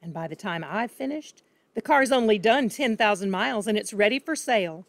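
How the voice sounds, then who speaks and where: A blustering, bragging father who cheats his customers and shouts when crossed, as a woman reads him. The voice is loud and pleased with itself, in a dry, close room with no echo. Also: mid-range voice, expressive, brisk, lightly acted. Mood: boastful. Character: boastful crooked car-dealer father, loud and proud.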